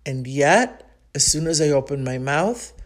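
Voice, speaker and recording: A woman from Chicago with a Chicago accent, hosting a podcast and telling a personal story in a chatty, reflective way, thinking aloud with frequent pauses. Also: low-pitched, animated. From Chicago, United States. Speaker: podcast host.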